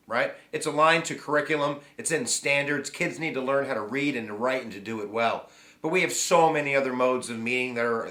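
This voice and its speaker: Middle-aged male host, upbeat casual lecture, lots of ums, roomy sound. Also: mid-range voice. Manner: chatty, energetic, full of fillers and asides. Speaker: history teacher and video host. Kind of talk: casual video lesson to camera. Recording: echoey room.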